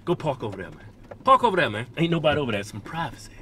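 Brief: young man, loud teasing car-vlog host, profane, high and animated, slight road hum. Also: very fast. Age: 20s. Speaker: YouTube comedy host. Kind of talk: casual car vlog banter. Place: inside a car at a drive-through.

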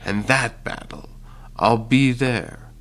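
A man voicing a sly young vampire villain who is the hero's uncle, talking in a silky, calm, gloating way. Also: mid-range voice, takes it slowly, faint music behind, pitched above the performer's own voice.

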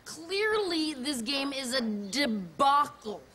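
A woman's voice: high-pitched, sing-song, slow, sharp tone, heavily acted. An actress playing a snobbish, condescending woman at a kids' ballgame, with a haughty, affected way of talking. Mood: smug. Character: snobbish condescending female sports parent. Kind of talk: sketch comedy acting. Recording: noisy outdoor ballgame.

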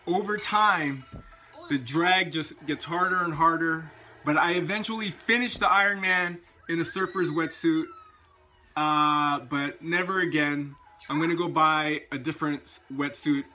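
A man's voice: on the high side, measured pace, bright, forceful tone. A man vlogging, telling a personal anecdote in a chatty, casual way. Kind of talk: casual storytelling vlog.

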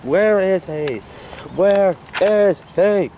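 A man acting out a homemade hand-puppet skit, squabbling and whining with bursts of shouting. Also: high-pitched, extremely slow, background noise.

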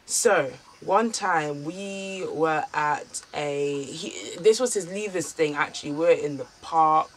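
A woman's voice: low voice, slow pace, hardly any pauses, a little hiss or hum. Chatty young woman telling a story. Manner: candid, chatty storytelling with filler words. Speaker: vlogger. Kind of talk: casual storytime vlog.

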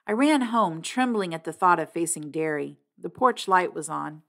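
A woman's voice: lowish voice, moderate pace, vocal fry, few pauses. Woman reading a novel aloud. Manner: expressive first-person narration. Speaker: reader.

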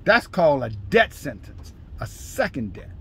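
A man preaching a fiery, scolding sermon, shouting scripture in bursts at his listeners. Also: on the high side, very animated, measured pace, creaky, slight background noise. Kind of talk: fiery street-style sermon.

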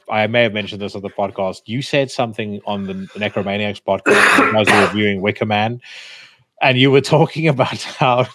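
Enthusiastic, swearing podcast host. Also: male voice, mid-range voice, a bit bright, no room sound. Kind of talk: casual podcast chat.

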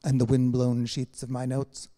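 A wry, world-weary man with a poet's ironic streak, read aloud by a man. His replies come with dry understatement. The voice is mellow and dark. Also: mid-range voice, monotone, moderate pace, close to an everyday voice. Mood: facetious. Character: wry, weary male poet, gently ironic.

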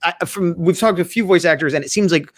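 A man hosting a casual interview over a video call, asking eager, quick questions. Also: fairly high pitch, no room sound, clean studio sound. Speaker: podcast host.

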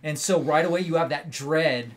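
A man hosting a casual movie review, telling the story in an animated, rambling way with lots of fillers and tag questions. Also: a little high, moderate pace, a little hiss or hum. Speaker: movie review show host.

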